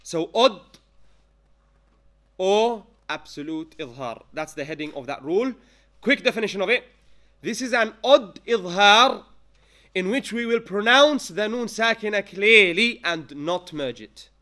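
A man's voice: high voice, animated, normal speed, pushed and bright. A male tajweed teacher giving a classroom lesson, quizzing students with frequent checks and mixing in Arabic phrases. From London-based.

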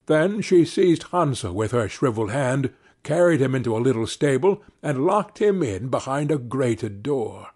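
A man narrating a fairy tale slowly and expressively for a children's audiobook. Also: mid-range voice, slightly rough. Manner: slow, expressive storytelling.

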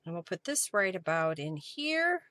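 A woman's voice: fairly low pitch, big pitch swings, measured pace, bright, forceful tone, no room sound. A woman hosting a live crafting stream, chatting casually as she thinks aloud while she works and thanks her viewers. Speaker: craft journaling host.

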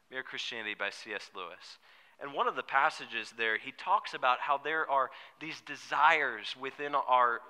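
A male pastor preaches earnestly in a church sanctuary. His voice is very bright and cutting, with a middle pitch, and at times he sinks to a hushed tone. The room adds a long, ringing reverb. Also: smooth. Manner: earnest preaching, drops to soft hushed tones for emphasis. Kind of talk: sermon.

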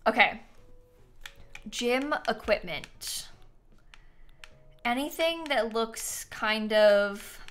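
A woman's voice: on the high side, very slow, pauses often, clean tone, soft background music. A young woman livestreaming a game, chatting casually and thinking aloud, sleepy and yawning as she thanks viewers. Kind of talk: casual gaming stream chat.

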